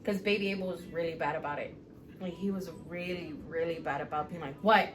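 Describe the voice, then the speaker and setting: A woman co-hosting a podcast, telling stories in casual chat, animated and profane, acting out quotes loudly. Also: lowish voice, quick pace, background noise. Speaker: podcast co-host.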